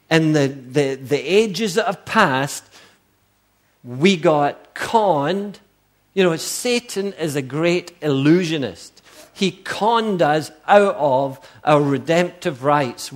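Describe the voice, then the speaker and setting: Male pastor, middle-aged, sermon, emphatic, repeated questions, slightly high voice.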